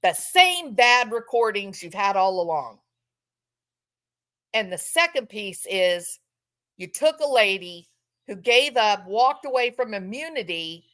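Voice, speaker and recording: A woman's voice: on the high side, expressive, slow pace, fairly bright tone. A woman giving impassioned true-crime commentary from home, repeating phrases for emphasis and mock-quoting others.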